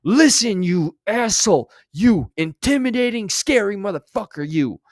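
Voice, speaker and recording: A man's voice: lively intonation, moderate pace, no room sound, clean studio sound. A man doing a mocking impression of an insecure grown man who blusters and whines at a rival. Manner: mocking, whiny, high-pitched.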